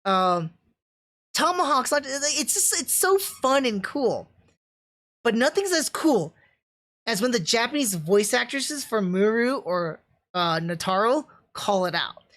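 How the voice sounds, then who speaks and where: A woman's voice: fairly high pitch, very animated, slow, fairly bright tone. A woman reviewing anime on a live stream, enthusiastic and rambling, full of fillers and restarts. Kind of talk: casual livestream review.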